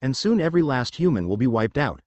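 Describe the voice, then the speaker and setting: A man's voice: mid-range voice, very animated, fast talker, darkish tone, no room sound, highs cut off, natural voice. Man voicing a menacing shape-shifting creature. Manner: cold, contemptuous threats. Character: hostile shape-shifting alien creature, male.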